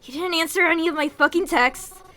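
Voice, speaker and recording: A woman reading game dialogue aloud, voicing an angry, foul-mouthed young man who talks loud and scornful. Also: extremely high pitch, a little fast.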